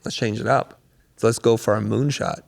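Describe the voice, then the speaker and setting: Gravelly man in a reverberant hall. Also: on the low side, brisk. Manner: animated storyteller, acts out quotes. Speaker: guest, creative business coach. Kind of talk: podcast interview storytelling.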